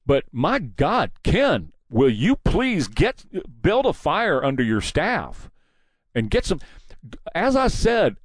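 A man's voice: high-pitched, no echo. A man hosting a political commentary show, delivering a combative, preachy and mocking monologue. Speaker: talk show host.

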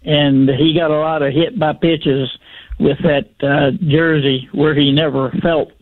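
An older man calling in to a radio sports show, slow and halting as he reminisces. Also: fairly high pitch, little pitch movement, no echo. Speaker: caller. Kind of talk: call-in radio chat. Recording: tinny phone line.

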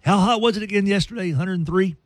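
A man hosting a radio show, telling a long funny story with playful, animated delivery and silly put-on voices. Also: sits high, fast talker, no echo.

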